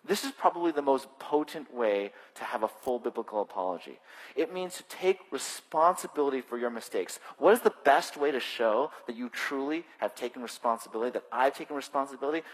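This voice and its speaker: A male pastor preaching a sermon in a conversational, animated way with touches of self-deprecating humor, speaking into a stage microphone in a church. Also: mid-range voice, breathy edge. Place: church sanctuary. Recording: long hall reverb.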